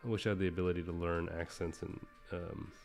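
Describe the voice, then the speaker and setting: A man's voice: deep voice, little pitch movement, quick pace, creaky, soft background music. A man livestreaming while he sketches, rambling casually with lots of fillers and self-deprecating asides.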